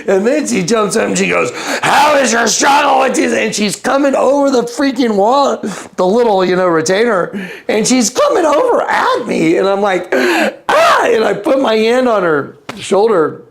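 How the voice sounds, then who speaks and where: Man, interview guest, gravelly voice, animated storyteller, acts out voices, laughs often. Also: normal speed. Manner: acts out quotes with big pitch jumps and laughter.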